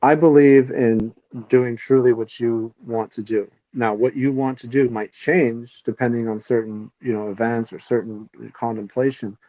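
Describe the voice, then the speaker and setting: A man's voice: medium pitch, fairly even intonation, normal speed, hardly any pauses, dark tone, no room sound, muffled recording. A man co-hosting a podcast, ranting casually with heavy swearing and strong opinions. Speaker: podcast co-host.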